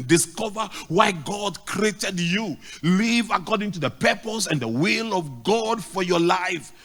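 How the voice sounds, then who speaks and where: High-pitched emphatic Ghanaian preacher, a man. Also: fairly bright tone. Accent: Ghanaian English. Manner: emphatic preaching with repeated lines. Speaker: pastor. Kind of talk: sermon.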